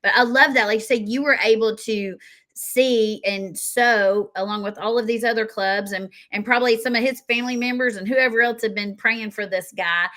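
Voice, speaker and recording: A woman's voice: a little high, fairly even intonation, moderate pace, fairly bright tone. A woman hosting a faith talk show, affirming and encouraging toward her guest.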